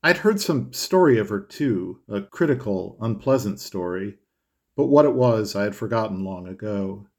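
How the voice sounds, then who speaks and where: A man narrating a classic novel in a measured, expressive way. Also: on the low side. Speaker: audiobook narrator. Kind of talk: scripted literary narration.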